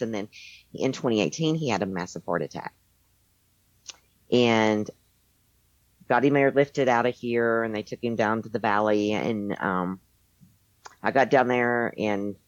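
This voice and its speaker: A woman's voice: extremely low pitch, dry recording. A woman telling a personal story in a casual, rambling way, full of fillers and restarts. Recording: dull lo-fi dry sound.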